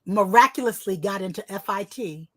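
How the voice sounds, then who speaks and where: Lively storytelling woman, dry sound. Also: mid-range voice, moderate pace, no room sound. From New Jersey. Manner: lively, acts out voices in her stories; sing-song phrasing. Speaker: guest, author and illustrator. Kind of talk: personal storytelling in conversation.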